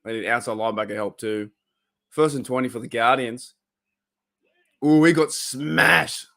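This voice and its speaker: A man's voice: mid-range voice, moderate pace, creaky, fairly bright tone. A man with an Australian accent hosting a football watch-party live stream, chatting casually and reacting aloud to the game.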